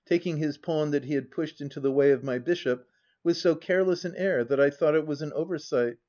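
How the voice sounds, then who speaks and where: Male audiobook narrator, slightly high voice, measured reading, lo-fi dull recording. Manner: even, measured first-person reading. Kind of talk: classic novel narration.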